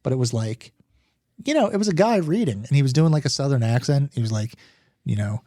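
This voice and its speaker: A man co-hosting a book podcast at a middle pitch. He tells animated stories and makes jokes at his own expense. His voice is dry and close to the mic. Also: brisk, dry recording. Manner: animated storyteller, self-deprecating jokes. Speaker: podcast co-host. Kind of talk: casual book-club chat.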